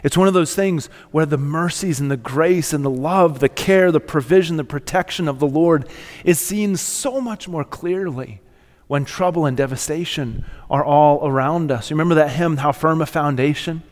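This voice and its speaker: A middle-aged man preaching a sermon in a church, earnest and storytelling, often dropping to a soft near-whisper. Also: on the high side, moderate pace. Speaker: pastor. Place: church sanctuary. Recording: long hall reverb.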